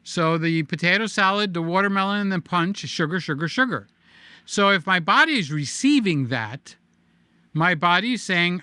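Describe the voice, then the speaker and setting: A man's voice: high-pitched, expressive, normal speed, pushed and bright, smooth, dry recording. A middle-aged man hosting a casual vlog, talking animatedly to camera, joking and repeating himself. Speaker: vlogger host. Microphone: desk microphone.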